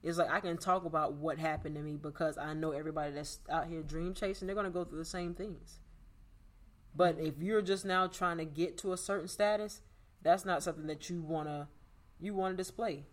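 A man with a slightly higher voice speaks earnestly in a relaxed conversation. He sounds reflective and motivational. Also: fairly quick. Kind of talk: casual conversation.

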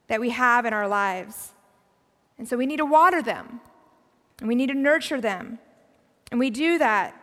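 A woman preaches in an easy, conversational way, her high voice sometimes sinking soft and quiet as she reflects. The sound rings out with the long reverb of a large church hall. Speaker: pastor. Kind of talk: sermon.

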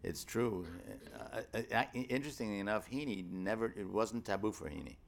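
Gravelly deep-voiced man, halting storyteller. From New York City. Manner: halting and rambling, many fillers and restarts; wry storyteller. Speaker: author in a public conversation. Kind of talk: live onstage conversation.

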